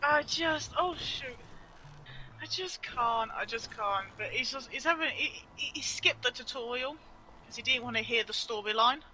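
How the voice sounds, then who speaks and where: A young woman with a high, very bright voice recounts a story to her friend, laughing often and slipping into other people's lines. Her delivery is animated and quick to giggle. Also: a little hiss or hum, rough recording. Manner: animated, giggly, acts out quoted dialogue. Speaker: stream guest. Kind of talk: casual storytelling chat.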